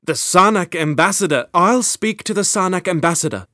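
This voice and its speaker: A man's voice: high voice, expressive, normal speed, sharp tone, no echo, studio quality, voice pushed up. A man reading an audiobook, voicing a young queen who speaks with cutting sarcasm and a raised voice. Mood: commanding. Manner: cutting sarcasm, rising to cries. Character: young adult queen, sharp-tongued and fierce.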